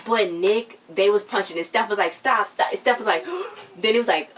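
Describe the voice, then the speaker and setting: A young woman co-hosting a casual TV recap, retelling scenes in an animated way and acting out the characters' lines. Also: mid-range voice, moderate pace, distant mic. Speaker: co-host of a TV recap channel. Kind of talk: casual chat, TV episode recap.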